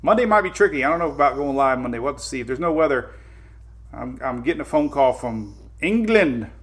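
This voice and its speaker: A man's voice: medium pitch, lively intonation, a little fast, fairly bright tone. A man with a Southern US accent hosting a casual weather live stream, rambling and greeting viewers by name. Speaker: weather show host.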